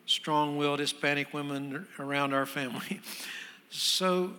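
A man preaching a sermon as a guest pastor, his voice a little high and very bright. He tells his story conversationally, then swells into loud, emphatic preaching. A long church reverb trails each phrase. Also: steady tone, a little slow, clean tone.

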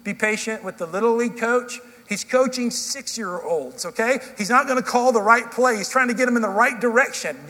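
A man's voice: very high-pitched, brisk, hardly any pauses, pushed and bright. A middle-aged man preaching a sermon as pastor, telling stories in a conversational way with frequent restarts. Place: church sanctuary. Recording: long reverb in a large hall.

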